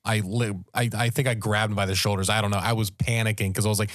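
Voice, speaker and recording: A man, a podcast co-host, telling a story in casual, animated talk and raising his voice at the tense moments. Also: on the low side, fast, hardly any pauses, dry recording, studio quality. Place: podcast studio.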